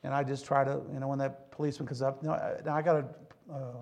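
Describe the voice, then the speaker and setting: A man's voice: mid-range voice, flat delivery, quick pace, vocal fry, a little mellow. A middle-aged man preaching a sermon, a joking, folksy storyteller who talks straight to his congregation. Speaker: pastor.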